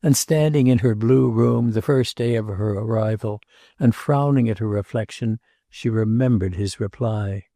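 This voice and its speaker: A man reading a novel aloud as an audiobook narrator, in a measured, unhurried way. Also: on the low side, vocal fry, warm tone, no room sound, clean studio sound. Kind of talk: scripted narration.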